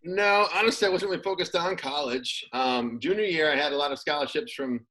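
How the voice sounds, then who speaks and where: A man's voice: a little high, a little fast, rough recording. A man, a former pro football player, talking casually as an interview guest, rambling with plenty of fillers. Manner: relaxed, rambling with many fillers.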